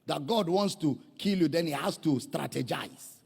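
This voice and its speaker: Animated Nigerian pastor, high gravelly voice. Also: male voice, normal speed. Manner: dramatic, animated, calls out to the congregation. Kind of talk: sermon. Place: church. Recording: echoey hall.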